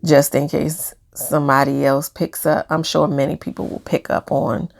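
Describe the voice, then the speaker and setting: A woman's voice: sits low, level tone, normal speed, gravelly. A woman sharing a reflective personal video diary, hesitant, with many fillers and small laughs. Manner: soft-spoken, hesitant, many fillers, laughs while talking about pain. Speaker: vlogger.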